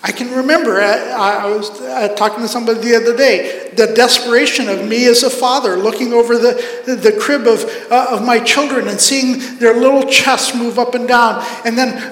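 A man's voice: extremely high pitch, fairly even intonation, moderate pace, few pauses, fairly bright tone. A man preaching a sermon as pastor, earnest, acting out the voices in the scripture he reads. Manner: earnest, acts out voices of God and prophet. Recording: echoey hall.

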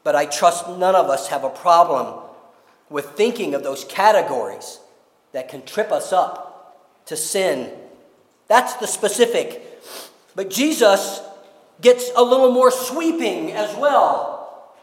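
A man preaching a sermon as pastor, emphatic, with slow deliberate phrasing. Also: high voice, lively intonation, roomy sound, in a large hall.

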